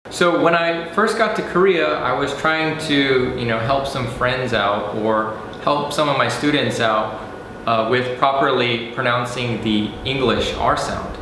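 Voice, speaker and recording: Male teacher, deliberate and clear, mid-range voice, faint background noise. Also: mid-range voice, bright, forceful tone, heavy reverb. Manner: clear, deliberate, over-articulates example words. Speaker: English pronunciation teacher. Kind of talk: scripted lesson.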